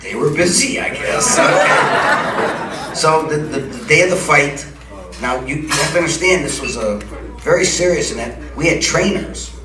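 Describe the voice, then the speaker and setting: A man's voice: fairly high pitch, normal speed. Older man telling stage stories. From Cleveland, USA. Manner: rambling, chuckling anecdotes. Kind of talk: storytelling to a live audience. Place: supper club stage. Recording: echoey club from a distant mic, audible ambience.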